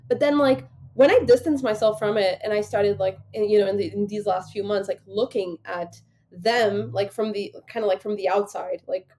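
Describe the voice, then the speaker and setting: A woman speaking as a podcast guest in a casual interview, halting and full of fillers and restarts. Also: mid-range voice, mellow.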